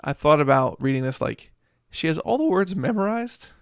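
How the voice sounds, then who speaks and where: Male podcast co-host with a heavy vocal fry and a rambling manner, recorded dry and close. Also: a little high, expressive, moderate pace, dry recording. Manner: rambling, leans heavily on "like" and "um". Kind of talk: casual book discussion.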